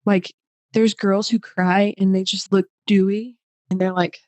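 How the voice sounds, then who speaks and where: A young woman guest on a podcast, telling a personal story in an animated way, full of fillers and acted-out quotes. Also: medium pitch, normal speed, no room sound, muffled recording. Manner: animated, acts out quoted voices; many fillers like "like".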